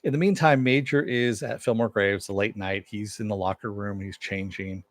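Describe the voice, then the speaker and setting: Low-voiced man casually recapping a show. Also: steady tone, moderate pace, dry recording. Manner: loose and conversational, with frequent "you know" and casual swearing. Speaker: TV episode reviewer. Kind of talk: casual spoken recap and review.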